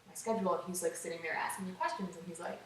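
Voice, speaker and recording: A chatty woman guest tells a story, acting out what people said and peppering it with "like". Her voice sits a bit low and comes from a distance in a very echoey room. A faint hiss runs under it. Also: very fast. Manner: animated, acts out quotes, many "like"s. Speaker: interview guest, runner. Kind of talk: casual storytelling in an interview.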